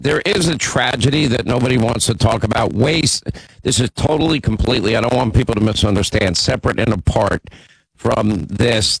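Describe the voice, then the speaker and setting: A man's voice: fairly low pitch, creaky, slightly rough, no room sound, rough recording. A man hosting a talk radio show, taking calls and chatting in an opinionated, teasing way.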